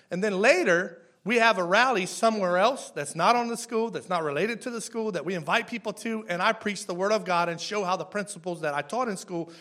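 A pastor in his thirties, high-pitched with a fairly bright tone, preaches a casual, chatty sermon. He repeats words, puts questions to the congregation, and is tearful at times.

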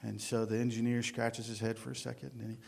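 A man preaching to a congregation, his voice sitting at an ordinary middle pitch. He speaks in a folksy, halting manner, leaning on fillers and restarts, and acts out voices when he tells a joke. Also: completely flat delivery, creaky, darkish tone, slightly rough. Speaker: guest preacher. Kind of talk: sermon.

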